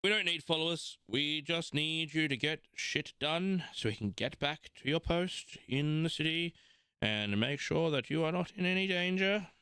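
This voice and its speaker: A man's voice: fairly high pitch, moderate pace, sharp tone, clean tone, no room sound, voice pushed up. A man voicing a small, brusque halfling scribe who speaks bluntly. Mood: impatient. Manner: blunt, curt.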